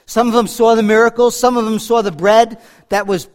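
Emphatic high-voiced male preacher. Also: fairly even intonation, a little fast. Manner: emphatic, swings between loud declarations and quiet asides. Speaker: pastor. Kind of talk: sermon.

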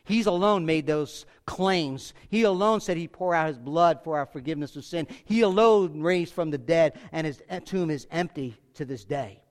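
A man preaching a sermon, emphatic and repetitive, swinging from forceful peaks to quiet asides, with casual fillers like "like" and "you know". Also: fairly high pitch, moderate pace, hardly any pauses. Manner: emphatic, repeats phrases, rises to forceful peaks then drops quiet. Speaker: pastor.

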